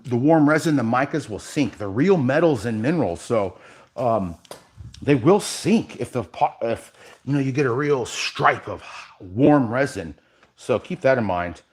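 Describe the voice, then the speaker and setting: A man leads a live epoxy workshop demo, chatting casually with his viewers. His pitch swings widely, rising high when he greets the chat and sinking low and quiet as he concentrates on the work. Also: animated, a little slow. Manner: casual, chatty, addresses viewers directly, drifts quiet while working. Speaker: epoxy artist and workshop host.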